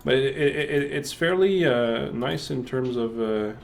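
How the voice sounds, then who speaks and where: A man's voice: medium pitch, lively intonation, a little slow, gravelly. A man with a French Canadian accent hosting a developer stream, joking and asking questions in a casual chat. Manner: joking, laughs often. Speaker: stream host.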